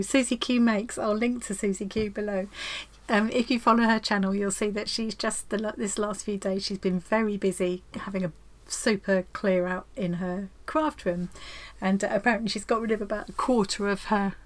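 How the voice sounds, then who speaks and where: A woman, chatting excitedly and giggling as she unboxes a parcel in her home craft room. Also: medium pitch, low-quality recording. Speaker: craft vlogger. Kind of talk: casual unboxing chat.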